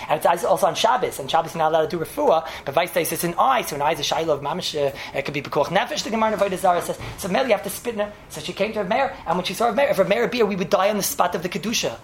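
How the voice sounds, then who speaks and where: A man's voice: sits high, expressive, very fast, gravelly, few pauses, a little hiss or hum. A man teaching a Talmud class, telling the story animatedly and repeating himself, with Yiddish and Hebrew terms mixed in. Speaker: Torah teacher.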